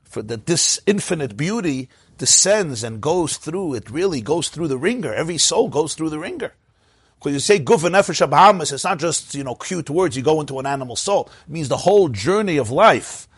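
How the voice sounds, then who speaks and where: A man's voice: on the high side, slightly rough, dry recording, studio quality. A man teaching a Torah class, telling a parable in a storytelling way with Hebrew and Yiddish terms mixed in.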